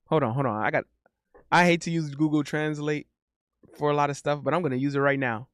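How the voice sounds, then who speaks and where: A man's voice: fairly high pitch, fast, no echo, studio quality. A man streaming live and chatting casually, reading viewer messages aloud, joking, laughing often and repeating himself.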